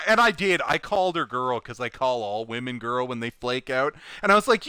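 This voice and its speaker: A man casually telling an anecdote from his job, animated and full of "like", laughing as he goes. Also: mid-range voice, normal speed, few pauses, smooth, no echo. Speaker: recycling plant worker telling a story.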